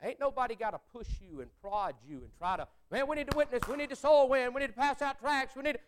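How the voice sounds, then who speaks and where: A man preaching a sermon, folksy and conversational, swinging from fiery outbursts to quiet asides. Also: very high-pitched, animated, fast talker, hardly any pauses.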